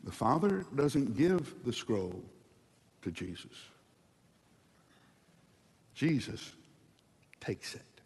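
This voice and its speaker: Slow, husky-voiced male preacher in a hall. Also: medium pitch, very animated. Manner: dramatic preaching, swinging between hushed and loud. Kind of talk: sermon. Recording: long hall reverb.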